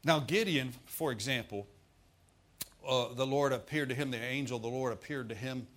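A man's voice: mid-range voice, moderate pace, a bit bright. A man preaching a sermon in a folksy, humorous way, with asides to the congregation.

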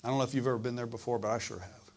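A man preaching a sermon in a church service, asking the congregation questions and swinging between loud and hushed delivery. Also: mid-range voice, steady tone, very fast. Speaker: pastor.

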